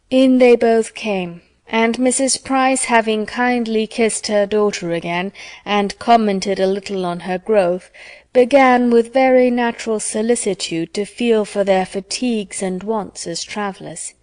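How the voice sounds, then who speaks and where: Woman audiobook narrator, measured classic-novel reading, dry studio sound. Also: medium pitch, darkish tone, dry recording. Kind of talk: scripted narration.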